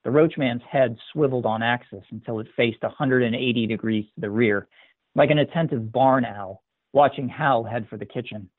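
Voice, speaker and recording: A man's voice: mid-range voice, moderate pace, dry recording. Man narrating a story on a tinny line. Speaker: story reader. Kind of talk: scripted narration. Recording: tinny dry phone-like sound.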